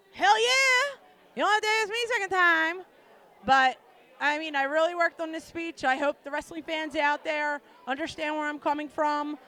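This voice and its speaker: A woman's voice: high-pitched, fairly bright tone. A woman inducting a friend into a hall of fame, giving a blunt, outspoken, emotional tribute.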